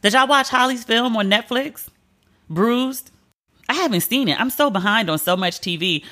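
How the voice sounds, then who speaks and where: A woman's voice: on the high side, expressive, normal speed, bright, forceful tone. A woman hosting a solo podcast, chatting candidly with strong opinions and casual slang. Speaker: podcast host. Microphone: podcast mic.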